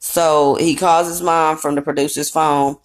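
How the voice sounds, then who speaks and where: A woman's voice: low-pitched, steady tone, measured pace. A woman recapping a reality show in casual, rambling commentary, blunt and profane with a sassy edge. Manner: rambling with fillers and asides.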